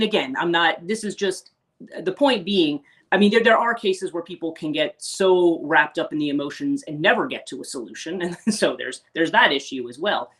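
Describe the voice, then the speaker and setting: A woman's voice: deep voice, fairly bright tone. Woman coach, casual rambling livestream chat, lots of restarts. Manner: rambling and chatty, many restarts, acts out quoted voices. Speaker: spiritual life coach hosting a livestream. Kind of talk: casual unscripted livestream talk.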